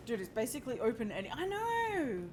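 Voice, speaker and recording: A woman's voice: high voice, background noise. A woman streaming a video game live, chatting and joking with her viewers, swearing freely as she plays. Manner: chatty, joking and profane, talks to chat. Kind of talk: live gameplay commentary. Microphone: webcam setup. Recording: game music playing behind.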